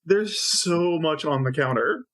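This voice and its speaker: A man co-hosting a casual fan podcast, playful and quick with jokey asides. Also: on the high side, lively intonation, a bit bright. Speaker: podcast co-host.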